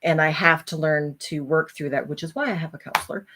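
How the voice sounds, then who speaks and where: A woman vlogger candidly sharing a personal story, speaking earnestly with halting pauses. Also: low-pitched, noisy background. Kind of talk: candid personal talk and poem reading.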